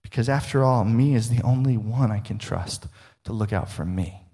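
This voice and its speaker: A man preaching a sermon as a pastor, earnest, often dropping soft and low to stress a point. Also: moderate pace.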